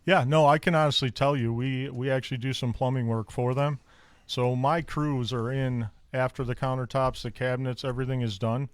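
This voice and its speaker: A man's voice: medium pitch, steady tone, normal speed, clean tone, no echo. A man who runs plumbing crews, vouching enthusiastically for a partner on a radio show. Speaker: plumbing contractor guest. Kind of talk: casual radio talk.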